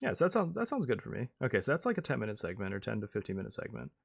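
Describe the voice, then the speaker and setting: A man co-hosting a podcast, talking casually and thinking out loud as he plans segments. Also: fairly low pitch, wildly swooping pitch, racing, creaky, husky. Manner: plans aloud with many fillers and restarts. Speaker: podcast co-host. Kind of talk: casual chat.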